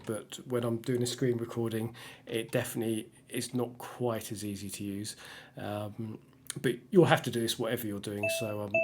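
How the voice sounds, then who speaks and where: A man hosting a music tutorial, thinking aloud and humming melodies as he works. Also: mid-range voice. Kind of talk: casual screen-recorded tutorial. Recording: loud music under voice.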